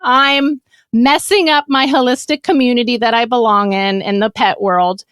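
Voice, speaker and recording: A woman's voice: on the high side, fairly even intonation, normal speed, fairly bright tone, clear, resonant tone, no echo. A woman hosting a podcast, ranting bluntly and swearing in casual chat. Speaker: podcast host.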